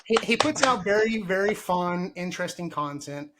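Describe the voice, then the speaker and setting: A man's voice: sits high, animated, normal speed, background noise. A man hosting a casual gardening podcast, joking and mock-formal. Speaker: podcast host.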